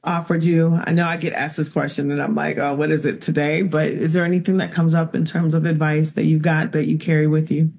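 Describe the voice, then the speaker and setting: Expressive woman host, casual chat. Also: sits low, brisk, gravelly, few pauses, breathy edge. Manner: casual, expressive, laughs easily. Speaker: interview host. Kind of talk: conversational interview.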